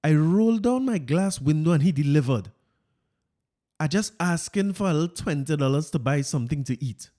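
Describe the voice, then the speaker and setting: A stiff, formal male government minister reads out his own wordy, stilted prose, as a podcast host puts on his voice. The voice sits a bit high but stays soft and mellow. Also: expressive, normal speed, close to an everyday voice. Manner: wordy, stilted officialese read aloud.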